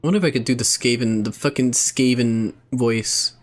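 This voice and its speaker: A young man streams a game with a mid-range voice at a moderate speed. His casual chatter is rambling and profane, and he often breaks off mid-thought.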